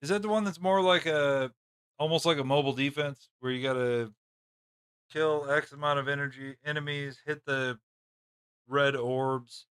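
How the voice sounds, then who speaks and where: Brief: male game streamer, smooth dry voice, wisecracking commentary. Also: mid-range voice, fairly even intonation, moderate pace, a bit bright, no echo. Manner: joking, thinking aloud. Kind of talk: live gameplay commentary.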